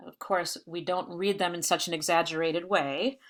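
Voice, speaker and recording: A woman's voice: fairly low pitch, steady tone, moderate pace, a bit bright. A woman teaching in a recorded lecture video, explaining patiently with frequent fillers and restarts. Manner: reads verse with exaggerated stresses.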